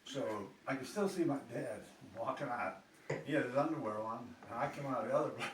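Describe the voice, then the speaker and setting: A man's voice: mid-range voice, brisk. A man fondly reminiscing about family times at a funeral luncheon. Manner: fond, reminiscing. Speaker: family member sharing memories. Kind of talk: casual storytelling at a funeral luncheon. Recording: echoey room, distant from the mic, background noise.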